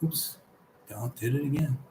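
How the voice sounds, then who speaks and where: A man's voice: medium pitch, a little slow. An older man hosting a live stream, chatting casually and reading viewer comments aloud before answering them. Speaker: livestream host reading chat. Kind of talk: casual chat. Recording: echoey room with faint background hum.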